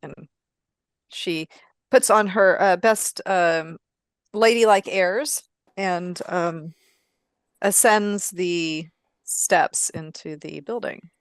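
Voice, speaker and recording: A woman playing a tabletop game, narrating her character in a drawn-out, playful way. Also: lowish voice, clean tone, dry recording. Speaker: player. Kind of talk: tabletop role-play narration.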